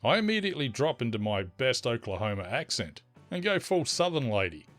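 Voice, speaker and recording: A man's voice: mid-range voice, very animated, fairly quick, fairly bright tone. Wry man narrating a story. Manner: wry, teasing asides. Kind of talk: scripted narration of an online forum story. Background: faint music.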